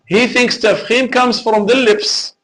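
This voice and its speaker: A man's voice: very high-pitched, steady tone, measured pace, fairly bright tone, rough recording. A man teaching Quran recitation in a live lesson, explaining carefully and chanting example verses.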